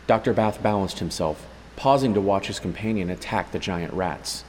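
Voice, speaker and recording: A man narrating a story in a steady, even way, as an audiobook reader. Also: sits low, moderate pace, hardly any pauses, big-room sound, slight background noise, poor audio. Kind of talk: scripted narration.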